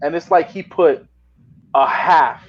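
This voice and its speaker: On a casual podcast, a man with a fairly high voice tells stories at a slow pace, cursing and growing worked up as he goes. He owns a wrestling promotion and comes across as a profane, excitable storyteller, heard through dull, lo-fi audio.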